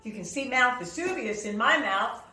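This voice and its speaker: Lively woman vocal coach, roomy sound. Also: a little high, normal speed, soft background music. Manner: lively, demonstrative, breaks into sung and shouted examples. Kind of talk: singing lesson with vocal demonstrations. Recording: roomy sound, slightly distant from the mic.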